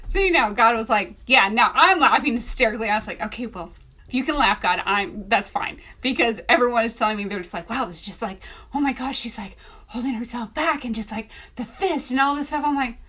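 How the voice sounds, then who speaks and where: A young woman telling a story in a casual vlog, animated and acting out the voices she quotes. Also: on the high side, brisk. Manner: animated, acts out quoted voices, laughs often. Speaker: author vlogger.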